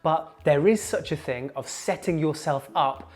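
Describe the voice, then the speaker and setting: A young man giving an earnest, measured motivational talk to camera, slowing down to stress key points. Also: fairly high pitch, darkish tone, faint music behind. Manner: earnest, measured, slows down for emphasis. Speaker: junior doctor and comedian, video host.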